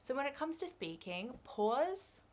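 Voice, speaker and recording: A woman's voice: mid-range voice, normal speed, a little hiss or hum. Upbeat young Australian woman lecturing. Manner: upbeat, chatty, gives tips with examples and light laughs. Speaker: English exam lecturer. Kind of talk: recorded revision lecture.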